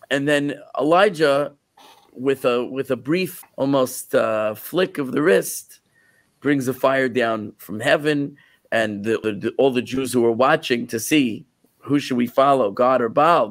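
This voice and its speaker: A man who is a rabbi, retelling a biblical story in an animated sermon, often repeating words as he goes. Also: mid-range voice, no room sound.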